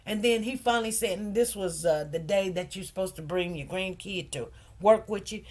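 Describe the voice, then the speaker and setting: A woman's voice: mid-range voice, moderate pace. A woman hosting a commentary channel tells a personal story straight to her viewers, emotional and repetitive. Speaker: host of a news commentary channel.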